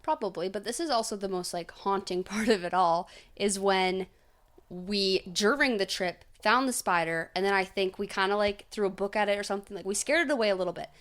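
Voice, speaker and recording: A woman's voice: medium pitch, fairly quick, fairly bright tone. Young woman rambling through a casual story. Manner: rambling, filler-heavy storytelling with frequent "like". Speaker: podcast co-host. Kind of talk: casual chat.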